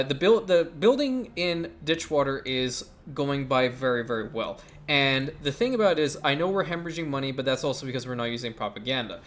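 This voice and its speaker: A man talks through a strategy game in casual let's-play commentary, blunt and chatty. His voice sits in a middle pitch, and he rushes through some thoughts in quick bursts. Soft music runs underneath. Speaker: gaming channel host.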